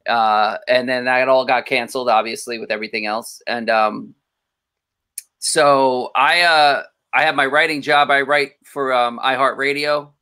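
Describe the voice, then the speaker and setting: A man in his thirties, a comedian guest on a casual podcast, telling stories with lively quoted voices. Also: mid-range voice, a little slow, smooth. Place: home, remote call.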